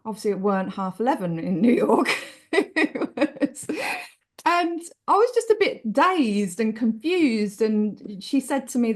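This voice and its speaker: An English woman telling stories as a guest author in a casual interview, chatty and expressive. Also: mid-range voice. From England. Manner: chatty and expressive, many restarts.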